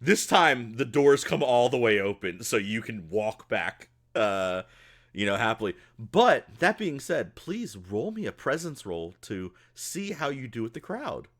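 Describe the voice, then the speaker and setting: A man's voice: mid-range voice, a little slow. Laughing man running a tabletop game. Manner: laughs often while narrating, casual and excitable. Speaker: game master.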